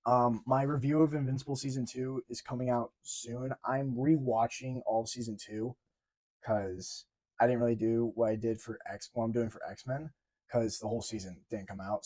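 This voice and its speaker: Young male vlogger, mellow tone, rambling and excitable, casual review delivery. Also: medium pitch. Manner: excitable, rambling, swears, says 'like' often. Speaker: TV show reviewer.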